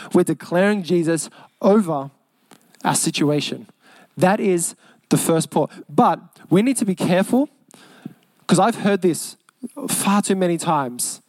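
A young man with an Australian accent preaching a sermon as pastor, earnest, repeating lines for emphasis and slowing down on key phrases. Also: high-pitched, darkish tone, dry recording.

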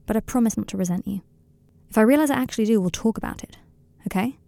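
A gentle young man speaks softly and reassuringly, almost hushed, as a woman reads him. The tone is dark and a little gravelly, recorded close and dry. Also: fairly high pitch, quick pace, no room sound. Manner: soft, soothing, hushed. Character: gentle tender young man comforting partner. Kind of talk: audiobook reading of fan fiction.

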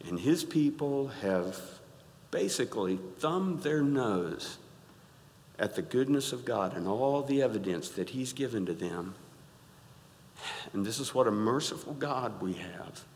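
A middle-aged man preaching a sermon in a church, animated and rising to loud exclaims, often asking the congregation to answer back. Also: mid-range voice, measured pace, slight background noise. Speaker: pastor. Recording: reverberant church hall.

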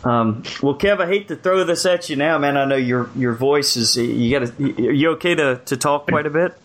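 A man hosting a horror podcast, introducing guests in relaxed casual chat with fillers. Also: mid-range voice, moderate pace. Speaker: podcast host.

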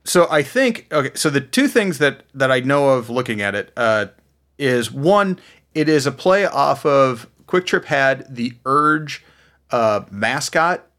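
A man's voice: medium pitch, lively intonation, fairly bright tone. Casting: man co-hosting a beer chat, talks his way through explanations, many ums and restarts. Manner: explanatory, halting with fillers and restarts. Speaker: beer podcast co-host. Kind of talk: casual chat.

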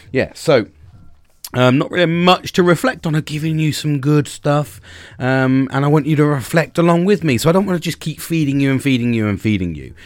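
A man's voice: medium pitch, no echo. A British man in his forties hosting a casual solo podcast, rambling and swearing freely, breaking off to restart and punching out words with sudden emphasis. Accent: British English. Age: 40s. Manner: rambling, sweary and self-interrupting, with bursts of emphasis. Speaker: podcast host.

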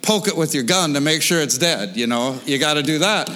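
A man doing a gruff old grandpa hunter who talks in a slow, deep, matter-of-fact drawl. The voice is dropped well below the man's own bright tone, and long reverb from a big hall trails behind it. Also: animated. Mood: cautious.

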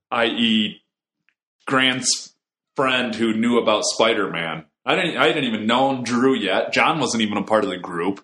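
A man's voice: mid-range voice, fairly bright tone. Chuckling male podcast co-host, roomy sound. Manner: chuckling, nostalgic. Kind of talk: casual podcast chat.

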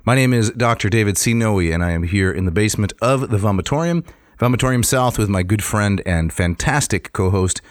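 A man's voice: fairly low pitch, animated, brisk, no echo. A man co-hosting a podcast in casual chat with dry, wry jokes, fighting a cold. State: has a cold. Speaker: podcast co-host. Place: basement.

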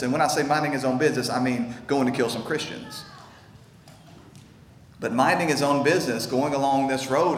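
A man's voice: mid-range voice, slight background noise. A male pastor preaching an earnest, intense sermon in a church, often stammering and repeating words as he builds. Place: church sanctuary. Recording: echoey hall with faint ambience.

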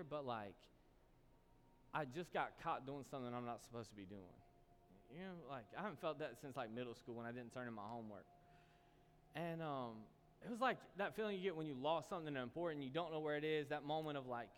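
A man's voice: mid-range voice, animated, a little fast, fairly bright tone. A man preaching a sermon as pastor, telling a personal story and then building to an impassioned appeal to his church. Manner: storytelling, rising to impassioned exhortation. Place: church hall. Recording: echoey hall with faint noise.

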